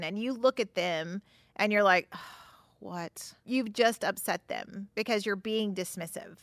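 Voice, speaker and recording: A woman's voice: medium pitch, fairly bright tone, no echo. A woman therapist hosting a podcast, talking frankly and conversationally about relationships and acting out example remarks. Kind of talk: casual advice podcast talk.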